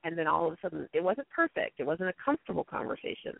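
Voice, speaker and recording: A woman telling stories as a guest in a casual interview, acting out what people said with quick jumps into a high voice. Her voice has a slightly gravelly edge. The sound is dry and thin, like a phone line. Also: dry recording. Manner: animated storyteller, acts out quotes in a high voice. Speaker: guest speaker on conflict.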